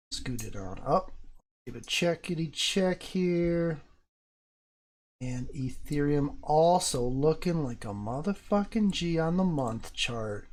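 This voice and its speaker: Profane, excitable man hosting a livestream. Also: fairly high pitch. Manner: profane, excitable, talks to chat. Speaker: livestream host. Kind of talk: casual live-stream commentary on crypto charts.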